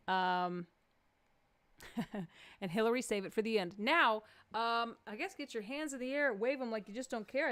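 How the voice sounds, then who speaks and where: A woman comedian hosting a live stream, joking playfully with the audience and jumping into excited quoted voices. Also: mid-range voice, dry recording.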